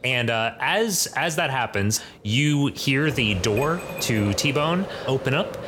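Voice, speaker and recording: A man's voice: medium pitch, expressive, takes it slowly, noisy background. A man narrating a tabletop game as game master, rambling with lots of fillers.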